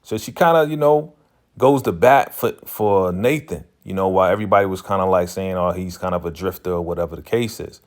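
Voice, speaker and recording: A man's voice: deep voice, a little fast, darkish tone. A man giving a casual, chatty recap of a TV episode, loose and full of slang and "you know" fillers. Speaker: TV recap channel host.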